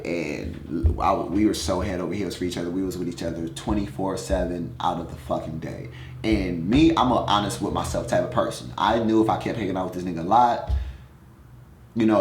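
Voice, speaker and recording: Deep-voiced young man telling candid stories. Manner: candid, profane, animated storytelling. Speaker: musician answering fan questions. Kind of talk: casual storytelling vlog. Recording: echoey room, faint noise.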